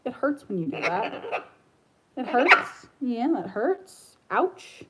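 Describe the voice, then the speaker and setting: A woman's voice: fairly high pitch, very animated, slow, heavy background noise. A woman chatting casually about her pet parrot, rambling and slipping into baby talk with the bird. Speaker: parrot owner vlogger. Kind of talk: casual chat.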